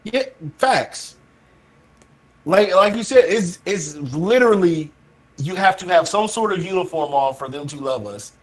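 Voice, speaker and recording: Man, podcast co-host, casual chat, measured, reflective, restarts sentences, slightly high voice. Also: animated, low-quality recording.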